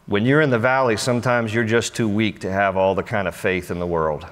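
A man's voice: lowish voice, steady tone, brisk. A male pastor preaching a sermon in a church, storytelling with humor. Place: church sanctuary. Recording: echoey church hall.

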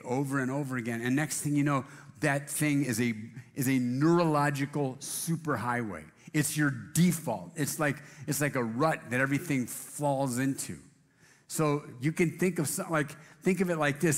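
A man's voice: medium pitch, in a large hall. A man preaching a casual sermon in a church, rambling and self-deprecating, with many restarts. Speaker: pastor. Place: church auditorium.

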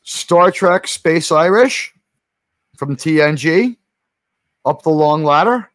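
A man's voice: a little high, animated, slow pace, a bit bright, no room sound. Rambling man talking movies, dry sound. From New York City. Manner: rambling, many restarts and fillers, swears casually. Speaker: stream host. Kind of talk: casual chat about movies.

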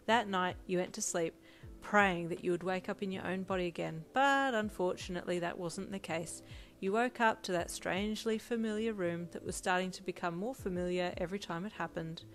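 Woman, story reader, plain and steady, faint music under. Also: on the low side, a little fast. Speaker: fanfiction reader. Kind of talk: second-person audiobook narration.

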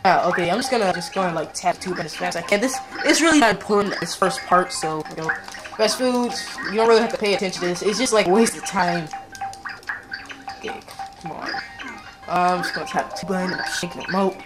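A woman's voice: on the low side, fairly quick. Brief: woman gamer, chatty rambling commentary, game music behind. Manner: rambling, many fillers. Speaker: let's play commentator.

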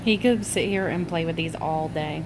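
A woman's voice: low voice, normal speed. A mother filming a casual family vlog at home, teasing playfully and laughing often. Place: at home, kitchen. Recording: home video with dishwasher noise.

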